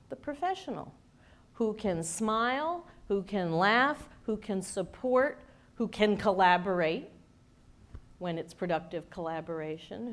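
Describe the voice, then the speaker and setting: Woman coach giving a live talk to a room, emphatic, funny, pitch right in the middle. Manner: animated, emphatic, wry humor. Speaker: leadership speaker and coach. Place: event space with a studio audience.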